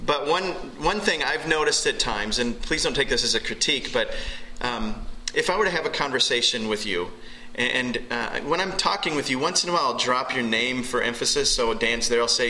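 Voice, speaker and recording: Man, pastor preaching, very bright tone, faint room noise. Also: medium pitch, animated, rough recording. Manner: earnest, pausing often, restarts phrases. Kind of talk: sermon with prayer. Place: church hall.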